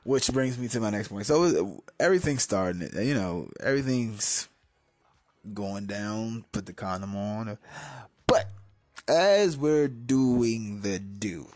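A man from Washington, D.C. hosting a podcast, telling a story in a profane, rambling way, dropping from mumbles into loud outbursts. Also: lowish voice, lively intonation, takes it slowly, no echo. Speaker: podcast host. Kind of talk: casual storytelling podcast monologue.

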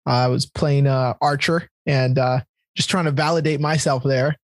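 A man's voice: medium pitch, steady tone, moderate pace, dry recording. A man in his thirties hosting a podcast, telling a personal story candidly and with feeling in casual conversation. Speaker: podcast host.

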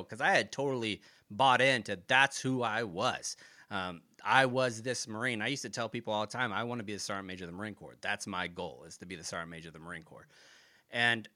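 In a clean studio recording without room sound, a man with a mid-range voice appears as a podcast guest. Having served as a Marine, he gives a profane, animated retelling of his service stories in a casual interview, voicing the quoted dialogue himself.

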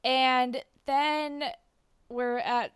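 A young woman with a somewhat high voice recaps a TV episode as a podcast co-host. She talks casually and animatedly, slipping into the characters' lines as she retells scenes. The sound is dry and close, with no room around it. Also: steady tone, extremely slow, smooth, no echo.

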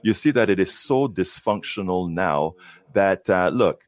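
A man's voice: sits low, lively intonation, a little slow, no room sound. A man hosting a political talk show, talking in an emphatic way with many stumbling restarts. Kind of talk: casual political chat.

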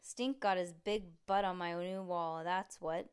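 A woman's voice: fairly low pitch, fairly even intonation, unhurried, clear, resonant tone, close to an everyday voice. A woman reading aloud, voicing a spirited girl who turns indignant. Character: spirited girl trying to keep a good mood.

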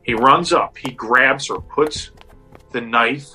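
A man's voice: mid-range voice, slow pace, slightly rough, faint music behind, low-quality recording. A man casually telling a spooky story, acting out the people in it. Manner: animated, acts out quotes. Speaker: guest storyteller.

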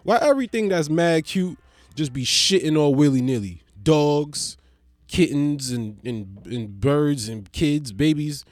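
A man's voice: on the high side, animated, unhurried, dry recording. A man talking casually in a comedic vlog monologue, rambling and swearing as he jokes. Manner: rambling, profane, joking.

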